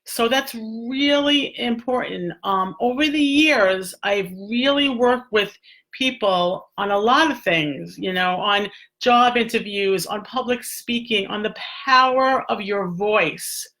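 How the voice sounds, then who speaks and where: A woman's voice: a little high, takes it slowly, fairly bright tone. Chatty middle-aged woman giving advice. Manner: chatty, many fillers and restarts. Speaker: speech and stuttering therapist. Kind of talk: casual advice talk.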